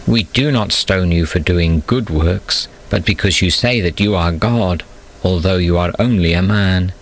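A man's voice: sits low, a little slow, a little hiss or hum. A man reading accusing, hostile rulers. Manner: challenging, accusing. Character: doubting, hostile crowd of male rulers.

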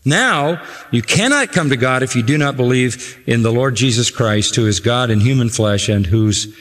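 A man preaching a sermon, emphatic, repeating key phrases with slow, deliberate stress. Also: medium pitch, lively intonation, a bit bright. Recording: long hall reverb.

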